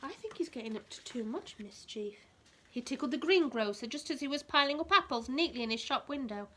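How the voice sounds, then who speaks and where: Bright-voiced woman reading a storybook aloud. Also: high voice, a little fast. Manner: expressive, adds gentle asides to young listeners. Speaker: teacher reading to children. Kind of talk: children's storytime read-aloud.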